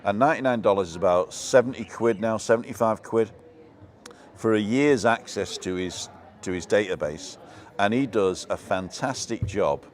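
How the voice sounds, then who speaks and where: A low-voiced man hosts a casual live stream. He rambles through his points in a chatty way and is quick to laugh. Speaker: live show host.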